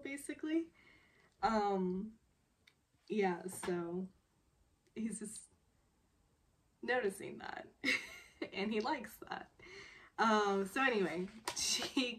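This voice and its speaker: Giggly woman recapping a drama. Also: medium pitch. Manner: giggly, laughs often while retelling; rambling with many fillers. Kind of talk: casual chatty recap.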